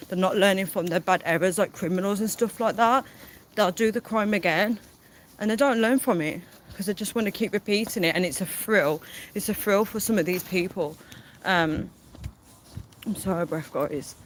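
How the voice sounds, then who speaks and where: A woman chats on a live stream while she walks, her speech short of breath and often broken by pauses to catch air. She talks casually to her viewers and reads out their comments, over a faint hiss of background noise. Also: mid-range voice, low-quality recording. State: out of breath from walking.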